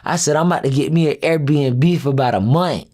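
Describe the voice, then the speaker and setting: A man's voice: a little high, fairly quick. A young man being interviewed as a rapper, casually retelling a story and acting out what each person said. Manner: animated retelling, acts out quoted dialogue.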